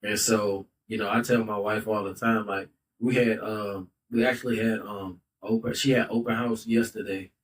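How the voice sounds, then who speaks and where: A man's voice: lowish voice, little pitch movement, moderate pace, far from the mic, rough recording. Male host in his thirties, loose and heartfelt, filler-heavy, slightly off-mic. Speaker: podcast host. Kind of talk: casual podcast talk. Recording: voice a bit off-mic.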